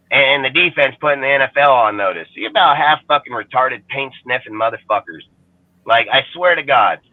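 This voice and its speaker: A man's voice: medium pitch, no echo. Profane ranting man on a phone-like line. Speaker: fan show panelist. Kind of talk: profane ranting fan commentary. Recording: phone-like call audio, dry.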